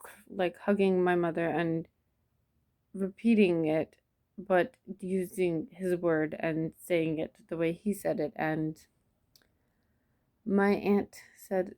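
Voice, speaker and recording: A woman telling a personal memory in a soft, reflective way, with many pauses and restarts. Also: on the low side, fairly even intonation. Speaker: vlogger. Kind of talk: personal storytelling to camera.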